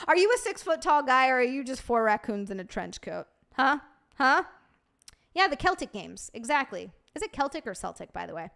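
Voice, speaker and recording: Young woman streamer, casual chat with viewers, swears freely, bubbly, voice sits a bit high. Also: fairly bright tone. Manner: profane, bubbly banter. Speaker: live streamer.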